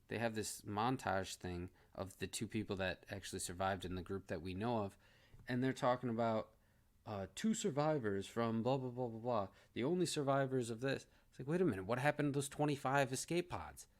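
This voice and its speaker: A man's voice: medium pitch, lively intonation, brisk. A man giving a casual movie review, blunt and exasperated, ranting with frequent restarts.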